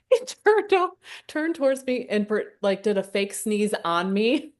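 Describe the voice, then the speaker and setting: A woman photographer from southern Indiana, a guest telling stories about her shoots in a casual interview and acting out her own quotes in a higher voice. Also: very animated, a little slow. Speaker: senior portrait photographer, guest.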